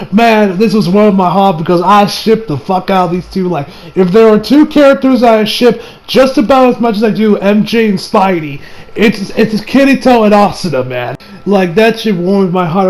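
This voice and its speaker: A man giving a casual video review, excitable and rambling, full of slang and laughter. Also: high voice, rough recording. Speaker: anime reviewer.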